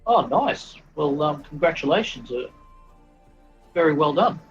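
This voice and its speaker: Male player, polite and hesitant, higher voice, dull lo-fi mic, faint music. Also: animated, a little slow. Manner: polite, hesitant, many ums. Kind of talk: casual tabletop game play.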